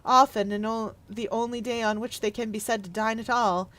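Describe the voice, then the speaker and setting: A woman's voice: a little high, steady tone, moderate pace, fairly bright tone, natural voice. A woman reading a story aloud, voicing a grumpy old male miser who argues and questions. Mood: arguing. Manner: questioning, arguing.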